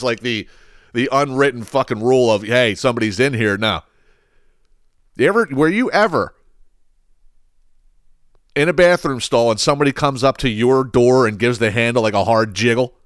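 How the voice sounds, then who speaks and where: A man's voice: medium pitch, clear, resonant tone, dry recording, clean studio sound. A man telling a story in a casual comedic podcast rant, swearing often and repeating words as he goes. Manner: animated, profane ranting with frequent restarts. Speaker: podcast host.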